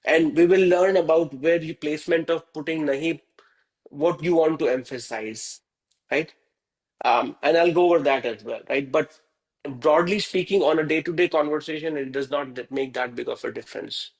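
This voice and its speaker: A man's voice: a little high, moderate pace, rough recording. Patient male teacher. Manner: patient, checks in often with "right?" and "okay?". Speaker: Hindi teacher. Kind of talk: live online class.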